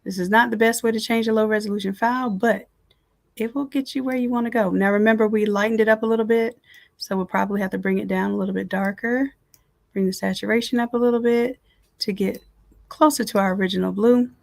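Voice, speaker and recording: A woman design instructor giving a casual, chatty live software tutorial from home, talking straight to her viewers. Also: a little high, fairly even intonation, fast talker, vocal fry.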